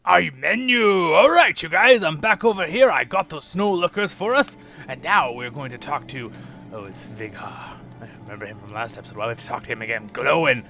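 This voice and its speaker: Chatty enthusiastic gamer guy, bright lively voice going up and down, little game music in the back. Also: mid-range voice, brisk, lo-fi sound. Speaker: gaming channel host. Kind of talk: casual gameplay commentary.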